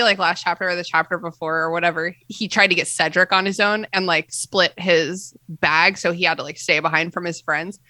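Bright-voiced giggly woman podcaster. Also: on the low side, no room sound. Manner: giggly, animated, summarizing with many "like"s. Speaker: podcast co-host. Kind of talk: casual chat recapping a book.

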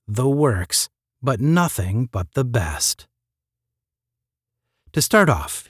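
A man reading a science fiction short story aloud in a measured, steady narrating voice. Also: medium pitch, no echo, clean studio sound. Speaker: audiobook narrator.

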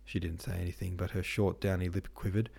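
Deep, gravelly male storyteller. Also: fairly quick. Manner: slangy, relaxed. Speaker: podcast host and reader. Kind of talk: casual modern retelling of a classic novel.

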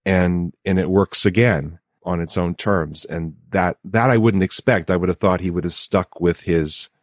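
A man with a very low, deep voice, talking over ideas on a podcast. He is reflective and halting, often restarting his sentences, and sounds dry and close with no room around him. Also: steady tone, no room sound. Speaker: podcast co-host. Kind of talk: casual discussion.

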